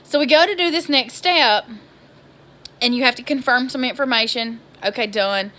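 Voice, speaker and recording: A woman's voice: a little high, moderate pace. Exasperated woman telling a story. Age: 20s. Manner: exasperated, animated storytelling with Southern slang. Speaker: vlogger. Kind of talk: casual storytelling vlog.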